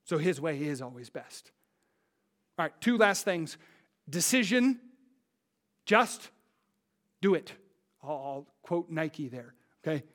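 A pastor in his thirties delivers a sermon in a notably high voice. His delivery is animated and conversational, and he often slips into quick impressions of the people in his anecdotes.

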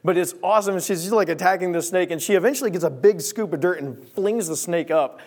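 A young man preaching a sermon, telling a story in an animated way and acting out voices and sound effects. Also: high voice, fast talker.

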